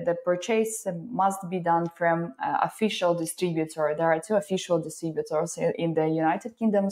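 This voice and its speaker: A woman's voice: lowish voice, darkish tone. A woman, a company representative answering interview questions in careful, hesitant English.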